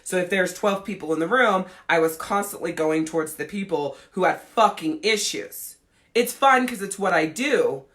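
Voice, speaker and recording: Speaking at normal speed in a fairly low, slightly bright voice, this podcast host and life coach in her thirties shares a personal story. Her casual storytelling is frank, blunt, and profane.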